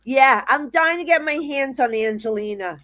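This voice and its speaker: A middle-aged American woman chats from her home office desk over a video call, her voice sitting a little high for a woman. She tells her stories in a rambling, animated way, tripping over restarts as she goes. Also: moderate pace. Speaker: psychic medium guest. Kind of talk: casual interview chat.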